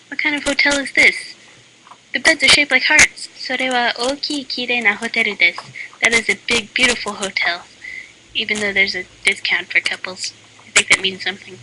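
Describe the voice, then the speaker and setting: A woman reading a mock language lesson in a deadpan voice, dropping dry joke asides between the examples. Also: on the high side. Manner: deadpan, flat-voiced delivery. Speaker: lesson narrator. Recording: loud constant background hiss.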